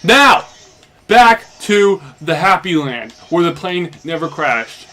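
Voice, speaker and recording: A man's voice: on the high side, animated, takes it slowly, fairly bright tone. Rambling young man recapping casually. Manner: loose and meandering, heavy on fillers like "basically" and "like". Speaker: let's play commentator. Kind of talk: casual rambling recap while playing a game.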